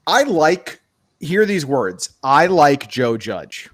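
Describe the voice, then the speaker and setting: A man hosting a sports podcast in a casual, animated, opinionated way. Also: a little high, takes it slowly, no echo, clean studio sound. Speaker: podcast host.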